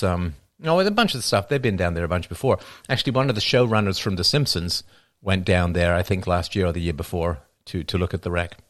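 A man's voice: on the low side, fairly bright tone, no echo, studio quality. A middle-aged man hosting a livestream, talking in a wry, rambling way while answering questions. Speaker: livestream host taking questions. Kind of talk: casual livestream monologue.

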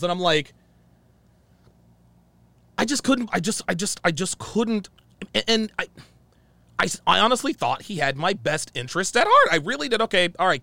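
A man's voice: sits high, big pitch swings, normal speed, gravelly, pauses often, sharp tone, dry recording. A man telling a story in a casual rant as a YouTube commentator, heated and profane, often repeating himself.

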